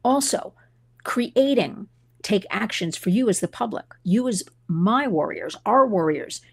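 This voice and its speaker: A woman's voice: mid-range voice, lively intonation, measured pace, vocal fry, breathy edge, no echo. A middle-aged woman hosting a live stream, talking to her viewers with passion and wandering into side stories. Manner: passionate, digressive storytelling. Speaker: host and advocate.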